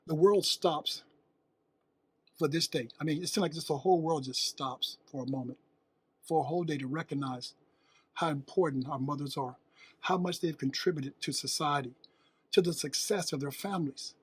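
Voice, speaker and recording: A man's voice: on the high side, moderate pace, breathy edge. A man hosting a motivational monologue, preaching with rhetorical questions and emphatic repetition. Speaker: host.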